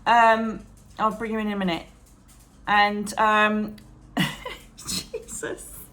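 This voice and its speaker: A woman chatting to camera about meditation as a psychic medium and channel host, animated, calling viewers darling and trailing off mid-thought. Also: mid-range voice, a little slow. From England. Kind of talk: chatty advice vlog to camera.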